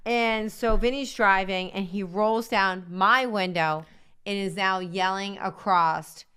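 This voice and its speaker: A middle-aged woman co-hosting a casual comedy chat, with a bright, sharp and very crisp voice. She backs up her partner readily and teases him back. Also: mid-range voice, steady tone. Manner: agreeable, quick to back up and tease. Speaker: co-host.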